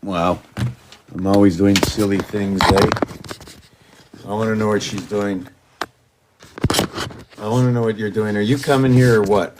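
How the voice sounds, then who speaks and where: A man's voice: on the low side, measured pace, pauses often, a little mellow, slight background noise. Rambling man talking to his cats. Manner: rambling, talks to his cats, jumps between loose ideas. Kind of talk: rambling casual monologue.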